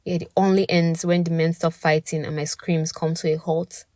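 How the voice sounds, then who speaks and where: A woman's voice: low-pitched, little pitch movement, normal speed, a little mellow, no room sound, studio quality. A young woman narrating a first-person story in a dramatic, intimate way. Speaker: podcast narrator.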